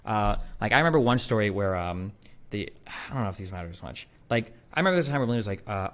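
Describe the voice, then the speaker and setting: A man's voice: on the low side, animated, quick pace, fairly bright tone. A man in his thirties talking casually to a stream audience, rambling with lots of fillers and blunt, profane asides. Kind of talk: casual monologue to a livestream audience.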